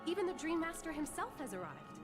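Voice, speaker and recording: A woman's voice: high voice, very animated. A woman voicing a cheerful, eager young festival staffer in a game, upbeat and reassuring, with game music behind. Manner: bright and upbeat, quick to reassure. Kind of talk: game voice acting.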